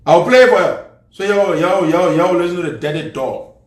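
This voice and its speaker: A man's voice: high-pitched, moderate pace, echoey room. A man with a Liberian accent, ranting and mocking in angry live political commentary.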